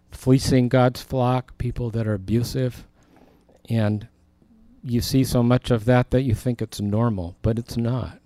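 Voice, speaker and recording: A man's voice: medium pitch, dark tone, dry recording. Earnest pastor man teaching scripture. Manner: earnest, reads scripture aloud with emphasis. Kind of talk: Bible teaching.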